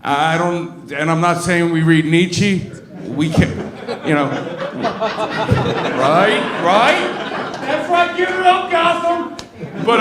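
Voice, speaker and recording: A Baltimore stand-up in his thirties, with a slightly high voice, rambles through a crude comedy club set heavy on fillers and restarts, and the audio is reverberant.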